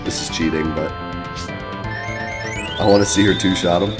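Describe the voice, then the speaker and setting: A man streaming live gameplay commentary, a bit sick in the voice, who yells at the game when things go wrong. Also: low voice, fairly even intonation, moderate pace. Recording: faint game music behind.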